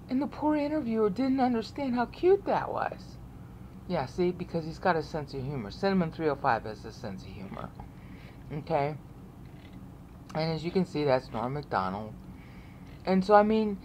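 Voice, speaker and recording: A woman's voice: deep voice, a little hiss or hum. A woman casually walking viewers through online resources, rambling, repeating herself and often asking "okay?". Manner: rambling, repeats words, frequent "okay?" check-ins. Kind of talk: casual screen-share walkthrough.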